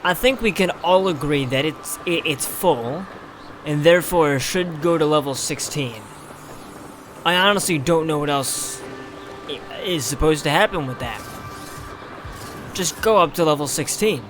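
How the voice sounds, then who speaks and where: A man commenting casually while he plays a video game, in a slow, unhurried delivery. He rambles and fills his sentences with 'um' and 'uh', and grumbles about the game now and then. Clear game music plays underneath his voice. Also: on the high side. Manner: rambling, with many fillers and frustrated asides. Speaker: gameplay youtuber. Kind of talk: casual let's play commentary.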